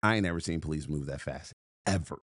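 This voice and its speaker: A man's voice: a bass voice, quick pace, fairly bright tone, dry recording. A man telling a story on a podcast in an emphatic, punchy way, repeating phrases and restarting.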